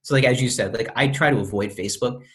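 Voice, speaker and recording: A man's voice: medium pitch, fast talker, a bit bright. A young man co-hosting a casual podcast, laid-back and opinionated, who swears freely. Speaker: podcast co-host.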